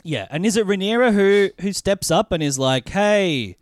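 Podcast guy, higher voice that jumps around a lot, keeps saying yeah. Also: expressive, moderate pace, no room sound, clean studio sound. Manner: agreeable, fills in with yeahs. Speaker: podcast co-host. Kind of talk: casual chat.

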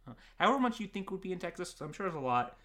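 A man's voice: high voice, sing-song, rapid-fire, sharp tone. A man co-hosting a podcast in casual banter, making wry, dry jokes and laughing often. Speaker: podcast co-host.

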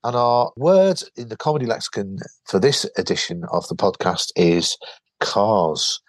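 A man's voice: lowish voice, sing-song, measured pace, no room sound, studio quality. A man hosting a comedy podcast, introducing segments and musing in rambling asides. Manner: rambling, reflective asides with fillers. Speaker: podcast host. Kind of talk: casual podcast chat.

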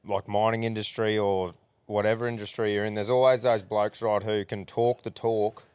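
A man's voice: lowish voice, flat delivery, normal speed, darkish tone, smooth, no room sound. An Australian man hosting a podcast who asks loose, rambling questions and laughs easily. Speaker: podcast host. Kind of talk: casual podcast interviewing.

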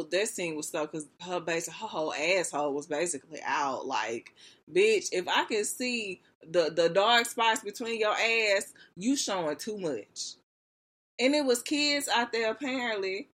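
A woman vlogger in a casual gossip rant, animated and expressive, full of slang and fillers. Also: mid-range voice, measured pace.

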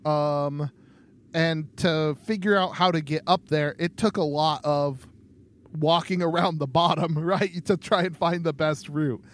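Male podcast co-host, higher-pitched, slow and halting delivery. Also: steady tone. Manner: halting, with many ums and restarts. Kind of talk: casual podcast chat.

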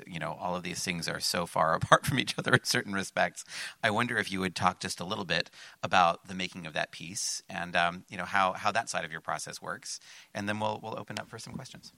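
A male host putting measured questions to his guest. His voice is very low and gravelly. It has a sharp, bright edge, and the sound is dry and close. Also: no echo. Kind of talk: onstage interview.

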